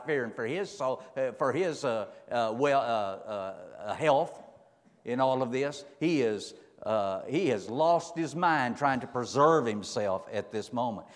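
A preacher delivering a sermon in a folksy, emphatic way, dropping low and rising loud again. His medium-pitched voice rings through a long echoing hall. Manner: folksy, emphatic, dramatic swings in loudness.

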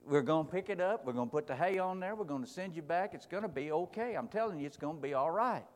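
A man's voice: fast, lightly acted. A preacher voicing a kindly country man who keeps insisting everything will be fine. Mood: coaxing. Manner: soothing, coaxing, higher than the preacher's own voice. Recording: long hall reverb.

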